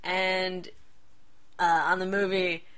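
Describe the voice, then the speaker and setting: A woman's voice: on the low side, level tone, slow, bright, forceful tone, smooth. A woman co-hosting a casual podcast chat, retelling a comic with giggles and little put-on quotes. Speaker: podcast co-host reviewing comics.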